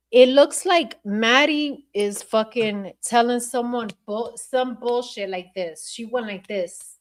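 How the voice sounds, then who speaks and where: A woman's voice: fairly high pitch, takes it slowly, hardly any pauses. A woman hosting a podcast livestream, thinking aloud as she replays video footage and talks to her viewers and chat in a blunt, profane way. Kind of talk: casual livestream commentary.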